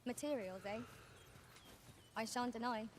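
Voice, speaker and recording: A woman's voice: on the high side, unhurried, darkish tone, slight background noise, close to an everyday voice. An actress playing a dutiful young female adventuring companion in a game, speaking in formal, old-fashioned phrasing. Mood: earnest. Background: game music.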